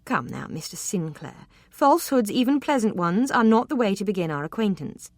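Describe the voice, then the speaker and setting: A woman's voice: medium pitch, sing-song, normal speed, darkish tone, dry recording, studio quality, voice pushed up. A woman voicing a poised, cool young lady of rank in an audiobook, speaking in an arch and precise way. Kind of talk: audiobook character reading.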